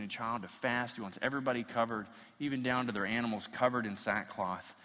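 A man's voice: mid-range voice, bright, forceful tone, big-room sound. A man preaching a sermon, reading scripture aloud and acting out the quotes as his intensity builds. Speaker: pastor.

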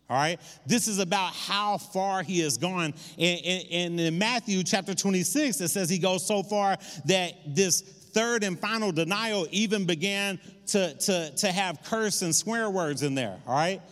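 A man preaching a sermon, retelling scripture in an animated storytelling way and acting out the voices of its people. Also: sits high, normal speed. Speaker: pastor. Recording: long hall reverb.

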